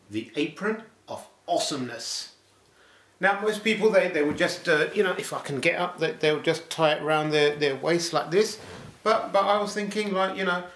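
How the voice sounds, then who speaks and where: A man's voice: a little high, fairly bright tone. A man with a playful, jokey manner, talking casually in a video blog. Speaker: vlogger. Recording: roomy echo.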